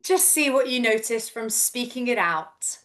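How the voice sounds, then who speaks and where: A woman in her thirties, a vocal coach gently and encouragingly guiding a voice and breath workshop over a video call. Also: on the high side, lively intonation, unhurried. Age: 30s.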